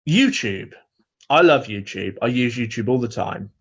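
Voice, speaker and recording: A man co-hosting a comedy podcast from home over a video call, grumbling and mock-ranting with a dry edge. His voice swings widely in pitch, and the audio is dull and lo-fi, as on a video call. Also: lively intonation, normal speed, husky. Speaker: podcast co-host. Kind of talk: casual comedic chat. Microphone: video call microphone.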